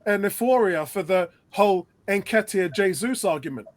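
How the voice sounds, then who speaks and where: Male podcast guest, high voice, emphatic, repeats himself. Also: expressive, moderate pace. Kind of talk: casual football chat.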